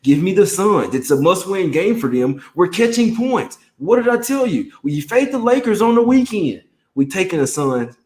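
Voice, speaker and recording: A man's voice: high voice, very animated, normal speed, a little mellow, echoey room, poor audio. A young man hosting a casual sports betting livestream, chatting in a laid-back slangy way and greeting viewers by name.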